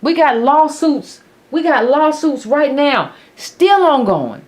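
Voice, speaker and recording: A woman hosting a commentary show, blunt and biting in her sarcasm. Her voice sits somewhat high and swings through a wide, lively range. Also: takes it slowly. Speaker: host of a political commentary channel. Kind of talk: opinionated commentary monologue.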